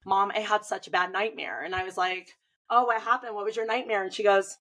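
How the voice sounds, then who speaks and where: Brisk and medium-pitched, this woman's voice comes through on poor audio. She's a swim coach in her 30s, casually and animatedly recounting things, sprinkling in "like" often.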